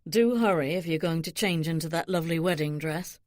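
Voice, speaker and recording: A woman voicing a protective young nobleman who talks in a flat, threatening way. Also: a little high, a little fast, no room sound, voice pushed down, lightly acted. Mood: tender. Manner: dry, threatening.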